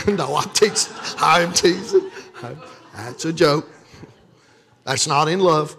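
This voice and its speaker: A man's voice: fairly high pitch, slow, gravelly, long pauses, bright, forceful tone. A man from Louisiana preaching a sermon as pastor, joking and calling on the congregation to respond. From Louisiana, USA.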